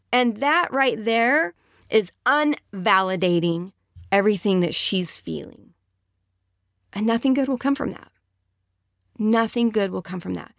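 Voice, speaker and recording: A woman's voice: mid-range voice, expressive, measured pace, pauses often, no echo, clean studio sound. A woman speaking earnestly and conversationally, giving relationship advice to other women.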